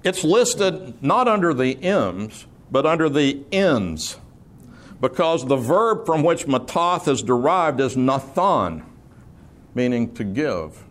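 A man's voice: mid-range voice, very animated, slow pace. A man preaching an expository sermon, explaining terms patiently, repeating key words and slipping in dry humor. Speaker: preacher teaching scripture.

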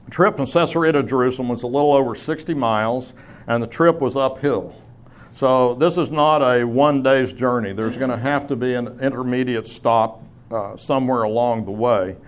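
A man's voice: mid-range voice, moderate pace. Man preaching in a chatty teaching tone. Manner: conversational teaching with asides and self-corrections. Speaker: pastor. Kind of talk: sermon.

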